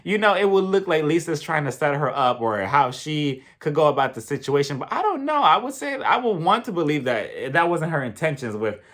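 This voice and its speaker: A man's voice: fairly high pitch, very animated, brisk, few pauses, a bit bright. A man giving a casual, opinionated recap of a TV episode, talking straight to his viewers. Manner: chatty, opinionated, addresses viewers directly. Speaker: TV show reviewer.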